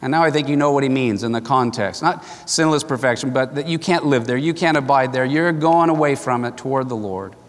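Passionate preacher in a big echoing hall. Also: male voice, medium pitch, fairly quick, few pauses. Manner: impassioned preaching, acts out quoted voices. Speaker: pastor. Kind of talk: sermon. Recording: reverberant hall.

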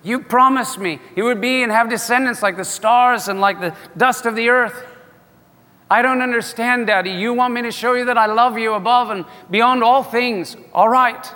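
A man's voice: extremely high pitch, normal speed, bright, forceful tone, long reverb tail, pitched above the performer's own voice. A man voicing an anguished old patriarch who pleads with God in an earnest, rising voice. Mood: pleading.

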